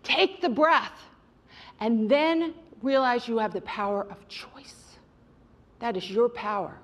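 Speaking slowly in a voice that's a little high, a middle-aged mindfulness speaker addresses her audience as "you guys." Her motivational talk is direct and emphatic.

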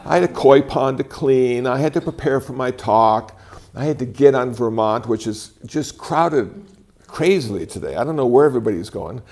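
A man's voice: mid-range voice, moderate pace. A man in his sixties gives a conversational talk to a live audience, telling stories with wry humor. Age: 60s. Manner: animated storytelling with wry humor. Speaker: speaker giving a talk. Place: talk venue before an audience.

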